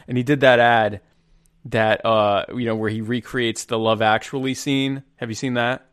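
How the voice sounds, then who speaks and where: A man co-hosting a loose talk show. He rambles with frequent restarts and little laughs. His voice sits mid-pitch and sounds dry and close. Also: steady tone, normal speed, fairly bright tone, clear, resonant tone, no room sound. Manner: rambling, chuckling, restarts often. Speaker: co-host. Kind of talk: casual political chat.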